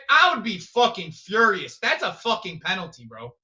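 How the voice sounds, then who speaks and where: A man's voice: sits high, huge pitch swings, moderate pace, few pauses, pushed and bright, lo-fi sound. A man hosting a live football watch-along stream, rambling and swearing, repeating himself and blurting out reactions to the play.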